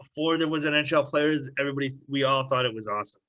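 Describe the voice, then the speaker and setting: A man's voice: medium pitch, racing, bright, forceful tone. A man co-hosting a podcast, laid-back and mostly agreeing in casual chat. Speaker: podcast co-host. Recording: dull lo-fi audio.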